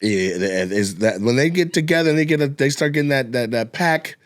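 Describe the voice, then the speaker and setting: A man's voice: medium pitch, expressive, fairly quick. A man, a comedian and podcast co-host, telling a profane, laugh-filled story and acting out voices and sound effects.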